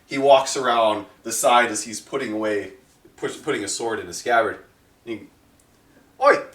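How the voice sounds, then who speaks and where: A man's voice: on the low side, moderate pace, fairly bright tone. A man as game master, narrating a tabletop game in a descriptive, rambling way. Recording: roomy, mic far off.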